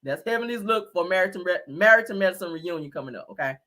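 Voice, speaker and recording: Woman host, bright and sassy, animated, blunt fashion takes for a live chat. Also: lowish voice, fast talker. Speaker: livestream host. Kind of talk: casual celebrity fashion commentary.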